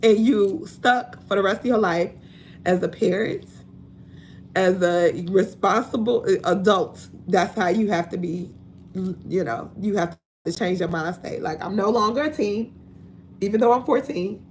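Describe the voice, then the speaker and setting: A woman's voice: mid-range voice, measured pace, slight background noise. A woman in her forties from Chicago with a Chicago accent, talking bluntly and laughing often in a casual livestream monologue. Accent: African American Chicago. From Chicago, USA. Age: 40s. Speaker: livestream host.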